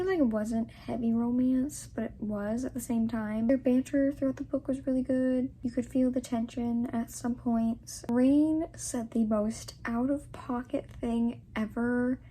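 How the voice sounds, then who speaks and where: A young woman with a slightly high, mellow voice chats eagerly through a casual reading vlog. She gushes freely and now and then slips into soft, half-whispered asides. A faint hiss sits under her voice. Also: poor audio. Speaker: book vlogger.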